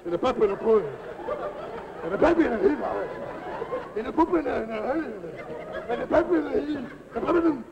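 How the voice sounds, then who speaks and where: An actor playing a boisterous middle-aged Italian cook in a live TV comedy sketch, with a mock Italian accent and broken English mixed with Italian-sounding double-talk. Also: male voice, high voice, expressive, brisk, dull audio, crowd noise. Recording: scratchy hissy 1949 television recording.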